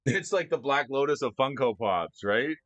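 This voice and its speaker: Excitable man with a lively, bouncing voice. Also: medium pitch, moderate pace, no room sound, lo-fi sound. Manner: excitable, stammering restarts, frequent laughter. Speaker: streamer discussing card prices. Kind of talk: casual live-stream chat.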